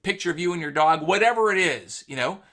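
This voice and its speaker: A man with a bright, forceful voice hosts a live online session. He tells stories in a loose, chatty way, with plenty of fillers. The sound comes through a video call mic. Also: a little high, fast talker. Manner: animated anecdote-telling with fillers. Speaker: host. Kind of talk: casual webinar storytelling.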